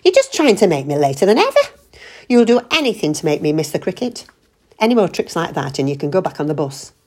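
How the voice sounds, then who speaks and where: A sarcastic, grumbling husband in a hurry, read by a woman. His voice is husky, low-set and swings widely in pitch. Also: big pitch swings, fast, darkish tone. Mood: impatient. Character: impatient middle-aged husband, sulky and sarcastic.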